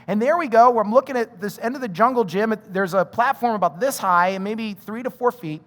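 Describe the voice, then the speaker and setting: High-voiced man preaching in a reverberant hall. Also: fairly quick. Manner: animated storytelling, acting out quoted voices. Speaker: pastor. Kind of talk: sermon. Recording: long reverb of a large hall.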